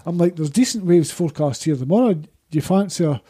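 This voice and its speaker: A Scottish man, a podcast guest, telling one rambling, excited anecdote after another in casual chat. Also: fairly high pitch, fast, breathy edge.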